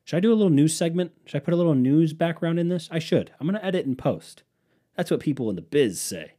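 A young man hosting a solo podcast. He rambles casually, swears freely, and pokes fun at himself. His voice has a mellow, darker tone, and his pitch swings widely as he talks. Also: lively intonation, quick pace. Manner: rambling, profane, self-mocking. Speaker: podcast host.

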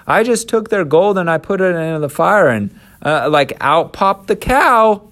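A whiny, defensive ancient priest babbling excuses in a high, hurried voice. He pleads and deflects with casual slang, a man doing the voice. The tone is comic and exasperated. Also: lively intonation, a bit bright.

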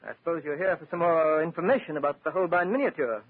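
A man's voice: on the high side, fast, noisy background, lightly acted. An actor playing a nervous, flustered, middle-aged male collector caught in a crime in a 1940s radio drama, heard through an old lo-fi broadcast. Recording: narrow lo-fi vintage radio broadcast.

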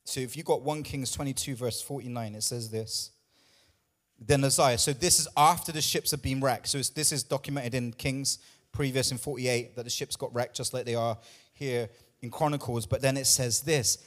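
A man's voice: mid-range voice, steady tone, moderate pace, a bit bright. A man pastor preaching a sermon with emphatic, repetitive lines, out of breath at times.

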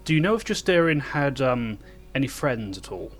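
A man's voice: mid-range voice, very animated, moderate pace, soft background music. A man playing his character in a tabletop game, speaking in a formal, polite way with frequent stammers. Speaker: player. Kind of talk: in-character role-play.

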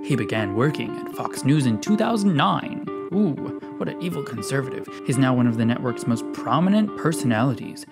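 A man hosting a sarcastic reaction commentary, scoffing while reading text aloud. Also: mid-range voice. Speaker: commentary video host.

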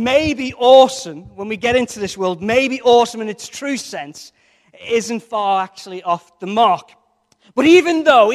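High-voiced man preaching in an echoey hall. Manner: conversational and jokey, with playful asides to the congregation. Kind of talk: sermon. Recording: long reverb of a large hall.

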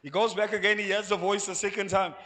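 A South African man preaching a sermon from a church pulpit, his voice sitting noticeably high for a man. He is animated, slipping into acted-out voices and laughing as he goes, speaking into a handheld mic. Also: fast talker. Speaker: pastor.

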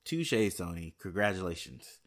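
Man, low-pitched voice, casual vlog chat, rambling, many fillers, a little tired. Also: animated, unhurried. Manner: rambling, thinks aloud with many fillers and restarts. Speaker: movie news vlogger.

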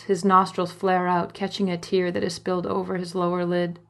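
A woman's voice: fairly low pitch, little pitch movement, normal speed, vocal fry. A young woman reading her own memoir aloud, telling her story in an intimate first-person way, with emotional quoted lines. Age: young adult. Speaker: narrator and author of a memoir. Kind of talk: audiobook memoir narration.

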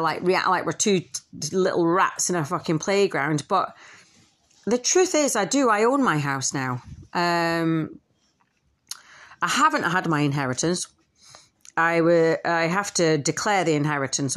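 A woman hosting her own podcast, talking candidly in a casual monologue, swearing and acting out quotes. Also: low voice. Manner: candid, swearing, animated quoting with laughs. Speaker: podcast host and author. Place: at home with a dog nearby.

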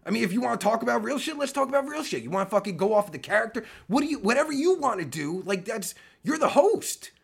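A man's voice: high voice, big pitch swings, fast talker, vocal fry, hardly any pauses, breathy edge. A man ranting angrily on a live stream, swearing constantly and restarting his sentences. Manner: profane, heated, stammering restarts. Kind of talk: angry rant on a live stream.

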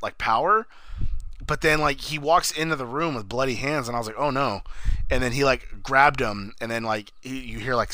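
A young man with a bright, forward voice rambles through a horror movie's plot, swearing freely and dropping into bits of the characters' lines. The sound is close and dry, with no room around it. It is casual podcast talk between friends. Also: mid-range voice, no room sound. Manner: rambling, swears often, acts out lines from the film. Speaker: podcast co-host. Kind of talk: casual movie recap chat.

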